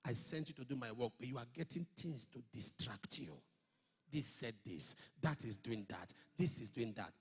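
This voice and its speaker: A man voicing God as a solemn, deep speaker, giving slow, grave pronouncements. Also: expressive, breathy edge. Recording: long hall reverb.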